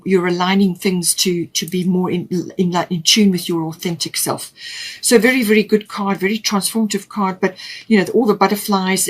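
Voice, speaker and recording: A woman's voice: medium pitch, slightly rough. A woman giving an unscripted tarot reading, talking with frequent fillers and restarts. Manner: hesitant, many fillers and restarts. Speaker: tarot reader.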